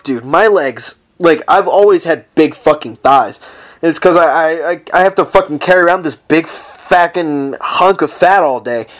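A man hosting his own podcast, ranting profanely and rambling comically while lying down at home. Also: a little high. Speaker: podcast host. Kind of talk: casual solo podcast rant.

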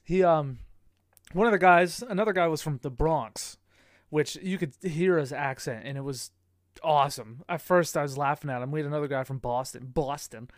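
A young man with a fairly high voice tells stories in a loose, profane podcast chat. He gets animated and laughs a lot. The recording is dry and close. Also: moderate pace, no echo. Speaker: podcast co-host. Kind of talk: casual chat.

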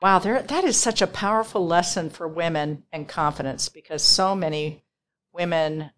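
A woman's voice: on the low side, normal speed, a little hiss or hum. A woman hosting an interview, asking questions in an admiring, encouraging way. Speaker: interviewer, host.

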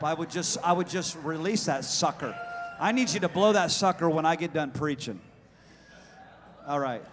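A man preaching a fiery sermon in a church, swinging between hushed lines and loud shouting. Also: fairly high pitch, big-room sound. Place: church hall.

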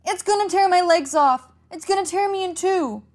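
A woman's voice: on the low side, expressive, moderate pace, creaky. A woman voicing a brash teenage boy who scoffs and mocks his friends in a horror story. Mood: panicked. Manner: scoffing, mocking, cackling.

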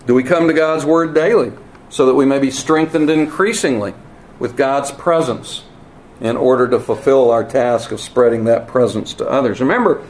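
A man preaching a teaching sermon, earnest and emphatic, with wry asides and halting repeats. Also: medium pitch. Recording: roomy echo, faint ambience.

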